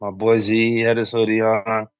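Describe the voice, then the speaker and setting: A man being interviewed about his music, talking loosely and filling pauses with "you know". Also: fairly low pitch, completely flat delivery, clean tone, dry recording. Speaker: musician guest. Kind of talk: conversational interview.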